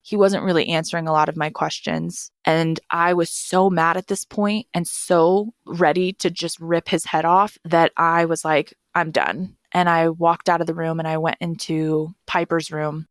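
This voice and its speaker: A woman's voice: sits low, flat delivery, moderate pace, few pauses, no room sound, studio quality. A young woman frankly telling her own story as a podcast guest, blunt and swearing freely. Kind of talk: candid first-person storytelling.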